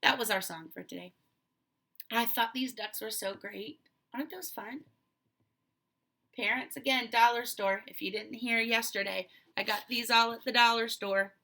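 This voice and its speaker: A woman's voice: a little high, normal speed, gravelly, sharp tone, slight background noise. A woman teacher giving an online lesson to young children, cheerful and coaxing with many questions, speaking into a laptop mic.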